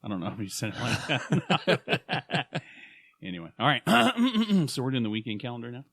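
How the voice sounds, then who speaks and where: A man co-hosting a travel podcast, joking and animated in casual chat. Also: mid-range voice, normal speed, dry recording. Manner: joking, animated, trails off mid-sentence. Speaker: podcast co-host.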